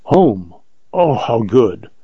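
A man's voice: sing-song, drawn-out words, breathy edge, no room sound, lo-fi sound, exaggerated voice. A man voicing a proud spirited young woman. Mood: tender. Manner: raised, lilting pitch with a light tone.

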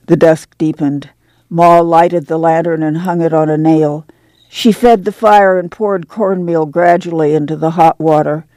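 A woman reading a novel aloud on a radio book program in a measured storytelling way. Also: deep voice, warm tone, no room sound. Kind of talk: scripted narration.

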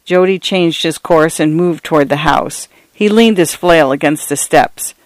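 A man's voice: fairly high pitch, no room sound. Male audiobook narrator, dry close sound. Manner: steady, measured storytelling. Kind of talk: scripted narration.

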